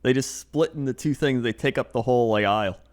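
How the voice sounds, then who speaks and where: A man with a mid-range voice tells everyday anecdotes in a relaxed podcast chat. He slips into quick impressions of the people in his stories. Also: mid-range voice. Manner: storytelling, mimicking people he describes. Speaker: podcast co-host. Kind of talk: casual chat.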